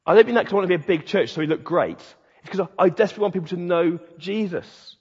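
Pastor preaching, husky and a bit high, swings hushed to loud, long echo, dull sound. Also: male voice, rapid-fire. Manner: rousing, swings between hushed and loud, punchy repeated phrases. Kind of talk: sermon.

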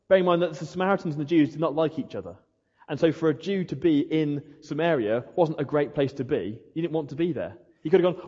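A man's voice: on the high side, quick pace, warm tone, husky. A man preaching a sermon, acting out questions and prayers in a rhetorical way. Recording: dull echoey hall.

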